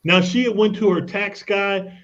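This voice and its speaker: A man's voice: high voice, steady tone, a little slow, fairly bright tone, lo-fi sound. A man guesting on a radio interview, explaining in an emphatic way and telling anecdotes. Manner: emphatic, tells anecdotes, repeats "look at this". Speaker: credit expert guest.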